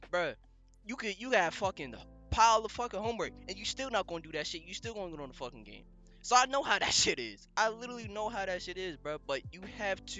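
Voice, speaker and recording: A podcast co-host with a high, pushed and bright voice talks emphatically in casual motivational chat. He swears heavily and comes across as preachy.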